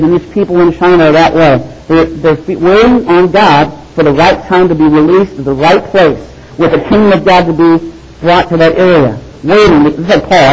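A man preaching a sermon, animated and storytelling, with quick asides. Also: a little high, slight background noise, poor audio. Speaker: pastor.

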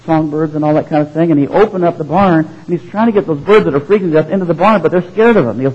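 Husky-voiced man preaching a sermon. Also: on the high side, fast talker, highs cut off. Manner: animated storytelling, acting out voices. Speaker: pastor.

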